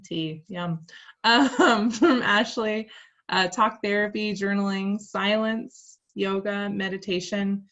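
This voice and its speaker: A woman's voice: medium pitch, a bit bright. A woman instructor leading a casual class discussion, chatty and full of "like" and "um". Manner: chatty, lots of "like" and "um". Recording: muffled lo-fi audio.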